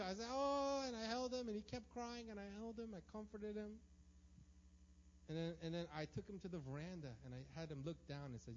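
A man's voice: sits high, normal speed, slight background noise. A man preaching a sermon, emphatic and acting out the prayers and voices he quotes. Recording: dull lo-fi sound.

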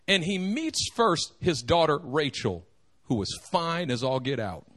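A man preaching a sermon, animated and joking, acting out the quotes. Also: on the high side, measured pace. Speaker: pastor.

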